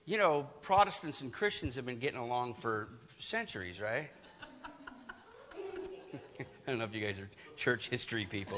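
A man's voice: mid-range voice, animated, moderate pace, pauses often, noisy background. A middle-aged man telling a couple's story to an audience, joking and self-mocking, laughing often. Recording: reverberant hall.

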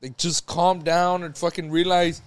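A man's voice: fairly high pitch, level tone, unhurried, clear, resonant tone. A man co-hosting a casual podcast chat, telling stories full of swearing and laughter. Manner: profane storytelling, laughs often. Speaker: podcast co-host.

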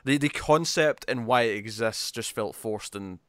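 Easygoing male podcast host, smooth clear voice, dry booth sound. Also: mid-range voice, normal speed, a bit bright, no echo. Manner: easygoing, leads the segment, laughs readily. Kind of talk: casual comic book review chat.

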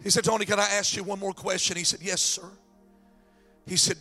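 A man preaching a sermon and telling a story, excitable and repeating words as he builds up, his throat strained. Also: sits high, a little fast, long pauses, soft background music. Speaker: pastor.

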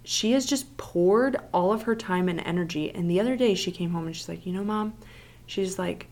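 A woman in her thirties co-hosting a podcast, telling stories in a chatty, animated way. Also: fairly low pitch, normal speed. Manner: chatty, animated storytelling with laughs. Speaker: podcast co-host. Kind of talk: casual chat.

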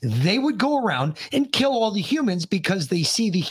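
A man co-hosting a casual podcast, talking loudly and profanely and breaking into shouts when something amuses him. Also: high voice, sing-song, moderate pace, husky, no room sound, clean studio sound. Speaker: podcast co-host. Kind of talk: casual chat.

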